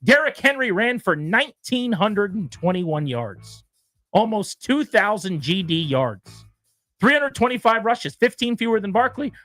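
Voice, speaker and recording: A man's voice: extremely high pitch, bright, forceful tone, dry recording. A man co-hosting a sports radio show, arguing his case like a lawyer and rattling off statistics with emphasis. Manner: emphatic, rattles off stats like a closing argument. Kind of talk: mock courtroom argument on sports radio.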